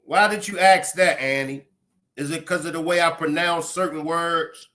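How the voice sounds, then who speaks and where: A man with a thick Baltimore accent runs a livestream in a blunt, profane, fiery way. His voice is bright and forceful, and it sits fairly high for a man. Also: steady tone, normal speed. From Baltimore, USA. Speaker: livestream host. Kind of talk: casual livestream commentary.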